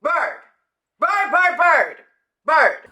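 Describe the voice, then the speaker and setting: High bright sassy woman ranting. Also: sing-song, very slow. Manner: sassy, profane, mocking with sung quacking bits. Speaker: commentary host. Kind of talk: reality TV reaction commentary.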